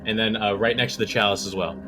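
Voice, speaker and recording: A man's voice: fairly low pitch, steady tone, fast talker, music in the background. A man playing a tabletop game, talking casually and swearing freely. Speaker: player.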